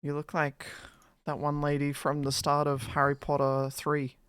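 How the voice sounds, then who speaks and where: A woman's voice: low-pitched, monotone, moderate pace, clean tone. A woman streamer chatting in a playful, teasing and goofy way during a live stream on a desk mic. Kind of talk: casual live-stream chat.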